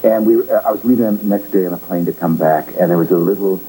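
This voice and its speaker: A man's voice: low voice, fast talker, rough recording. An older man hosting a 1980s television talk show, telling a rambling anecdote and voicing the people in it. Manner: rambling, animated storyteller who voices the people in his tale. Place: TV studio. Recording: 1980s TV broadcast with faint hiss.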